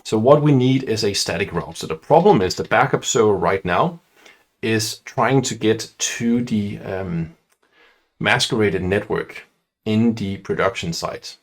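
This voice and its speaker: Instructor, male, lowish husky voice, reads the question, then thinks out loud and hesitates a lot. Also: unhurried. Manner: reads aloud, then thinks out loud with many fillers and restarts. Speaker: IT certification instructor. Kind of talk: talking through an exam question.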